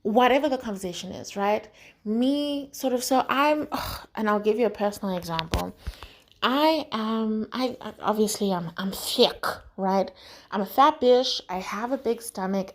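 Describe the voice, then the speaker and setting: A woman's voice: mid-range voice, normal speed. A woman from South Africa hosting a podcast, talking frankly in a casual motivational monologue, with lots of swearing and "right?" tags. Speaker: podcast host.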